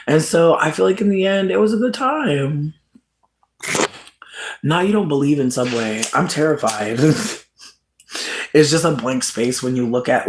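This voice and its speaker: A livestream host chatting casually, animated and profane, breaking into high, laughing shouts. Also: slight background noise. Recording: roomy echo.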